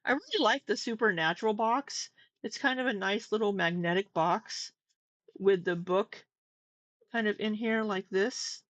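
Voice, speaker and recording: A woman's voice: medium pitch, fairly bright tone, no room sound, highs cut off. A woman hosting a casual livestream, talking candidly, swearing now and then and getting exasperated. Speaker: livestream commentary host.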